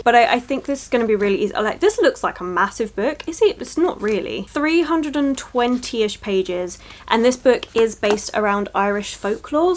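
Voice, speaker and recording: A woman chatting casually in a reading vlog, excitable and rambling, gushing over books and a little tired. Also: on the high side. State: tired from early shifts. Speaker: book vlogger.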